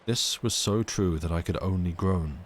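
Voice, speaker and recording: A man reading a classic novel aloud on a livestream, steady and measured. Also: deep voice, slight background noise. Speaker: reader.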